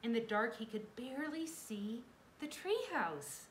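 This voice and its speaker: A woman's voice: on the high side, a little slow. Woman reading a children's book aloud. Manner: expressive, dramatic storytelling. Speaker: reader. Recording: roomy echo, faint background noise.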